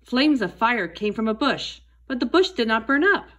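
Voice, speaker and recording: A woman's voice: fairly high pitch, very animated, moderate pace. Woman telling a children's Bible story. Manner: gentle storytelling, addressing children directly. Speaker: Sunday school teacher.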